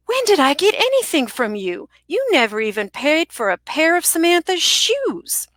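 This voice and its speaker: A woman's voice: high voice, sing-song, moderate pace, fairly bright tone, no echo, studio quality, pitched above the performer's own voice. A woman voicing a mean, greedy Southern ex-husband with a Southern accent, reading from her own novel with a sneering, threatening manner. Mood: bitter.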